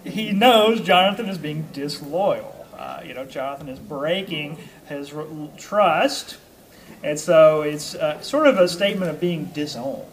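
A man's voice: fairly high pitch, a little slow. A man teaching a Bible study group. He reads a passage, then explains it casually with ums, uhs and chuckles. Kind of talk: informal scripture teaching to a small group.

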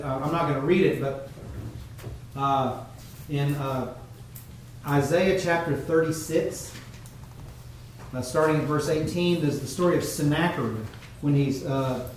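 A man preaching a sermon in a measured teaching tone, pausing often with fillers. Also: a little high, a little hiss or hum. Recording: very echoey room, mic far off.

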